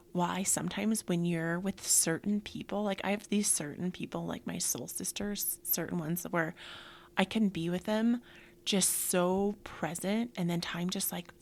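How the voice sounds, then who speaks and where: Woman host, middle-aged, casual uplifting chat, breathy whispers, slight vocal fry. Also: on the low side, a little slow. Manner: breathy, drifting into soft whispers, many "like" fillers. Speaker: yoga podcast host. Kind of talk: casual motivational talk.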